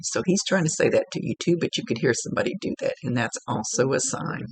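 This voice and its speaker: A woman's voice: a bass voice, lively intonation, fast talker, few pauses, breathy edge, no echo, poor audio. A woman psychic medium giving a rambling spirit reading. She sometimes half-whispers and corrects herself as she goes. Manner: rambling, self-correcting, laughs at own slips.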